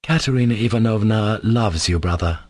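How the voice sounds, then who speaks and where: A man voicing a timid, warm-hearted young man in an audiobook, speaking softly and earnestly. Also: medium pitch, very animated, normal speed, breathy edge, no room sound. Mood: pleading. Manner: soft, pleading, earnest delivery. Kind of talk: audiobook character voice.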